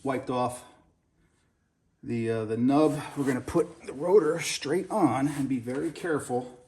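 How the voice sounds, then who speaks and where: A man with a gravelly, fry-edged voice at an ordinary pitch talks through a car repair in a relaxed, folksy way. He chats to the camera as he works in his garage, explaining each step like a home mechanic. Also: unhurried, a little hiss or hum. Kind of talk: casual how-to commentary.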